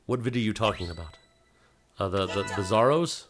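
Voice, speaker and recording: A young man streaming a game live, rambling casually while reading chat aloud and breaking into hyped shouts. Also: lowish voice, normal speed. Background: music.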